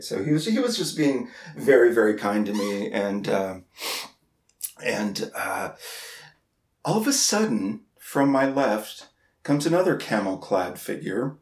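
A man co-hosting a podcast, telling a story in casual chat, halting and repeating words, laughing at himself. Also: on the low side, big pitch swings, echoey room. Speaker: podcast co-host.

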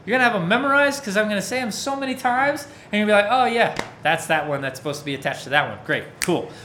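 A male preacher with a slightly high voice and a casual, chatty delivery, who keeps asking his listeners to respond. A faint hiss sits under his voice. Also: animated, fast talker, sharp tone. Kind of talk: interactive sermon.

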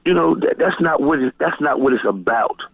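Animated man on a phone line. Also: fairly quick, gravelly, breathy edge. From Florida. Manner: animated, profane, jumps high when quoting people. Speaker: guest DJ. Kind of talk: casual storytelling interview. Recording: tinny phone-line sound, dry.

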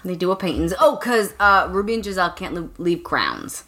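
A woman's voice: fairly low pitch, very animated, brisk, pushed and bright. A woman chatting casually about a book with wry, sarcastic asides. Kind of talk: casual book-club chat.

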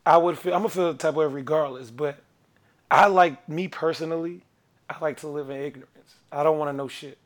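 A man co-hosting a podcast in casual chat, animated and jumping between ideas. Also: a little high, brisk. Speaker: podcast co-host.

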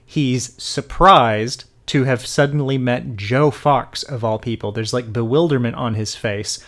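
Man, podcast co-host, casual film talk, animated, acts out lines, mid-low pitch. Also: measured pace. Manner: animated, acts out characters' lines while retelling scenes.

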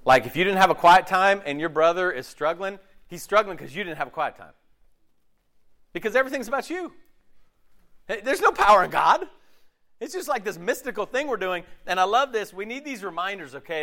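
Male preacher, sermon delivery, slightly high voice with big pitch swings, animated. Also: brisk. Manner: animated, acts out quoted voices, swings loud and quiet.

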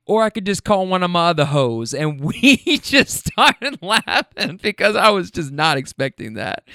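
Man, casual storytelling, acts out quoted people, high voice, very lively pitch. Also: a little slow, vocal fry, hardly any pauses, clear, resonant tone, no echo, studio quality. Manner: animated, quoting others in shifting voices. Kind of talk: casual anecdote retelling.

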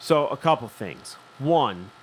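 A man's voice: mid-range voice, expressive, slow pace. A man, co-hosting a casual chat and acting out both sides of a profane story. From Philadelphia. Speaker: podcast co-host.

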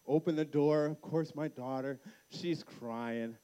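A young man with a notably high voice addresses a youth camp crowd, teasing people as they find seats. He tells stories with animated energy, acting out each line of dialogue. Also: slow pace, smooth. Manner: playful banter with the crowd. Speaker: camp speaker. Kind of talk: live youth-camp talk with storytelling.

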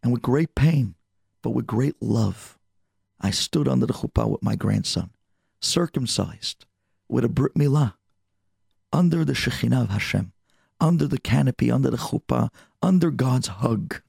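A man voicing a frail, devout old man, very raspy. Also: medium pitch, lively intonation, moderate pace, a little mellow, no echo, clean studio sound, full character voice. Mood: heartfelt. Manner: heartfelt, emotional storytelling. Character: elderly male immigrant, frail and devout.

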